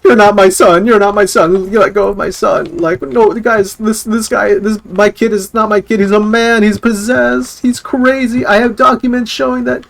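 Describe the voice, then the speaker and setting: A man voicing a frantic mother insisting her son is possessed, in a shrill rising rant. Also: fairly even intonation, moderate pace, vocal fry, hardly any pauses, a bit bright.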